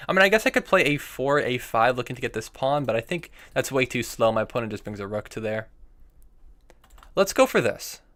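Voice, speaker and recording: Talking a little fast with lively intonation, a young man livestreams chess and explains his moves as he plays, repeating phrases while weighing choices and answering viewers along the way. His middle-pitched, slightly bright voice is recorded by a desk microphone.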